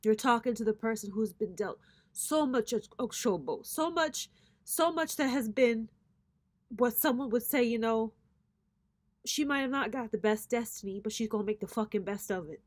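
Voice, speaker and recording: Woman, spiritual reader, blunt, swears freely, preacher-like rhythm, slightly high voice, dry sound. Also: normal speed, dry recording. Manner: blunt, profane, preacher-like cadence. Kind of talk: casual spiritual pep talk to viewers.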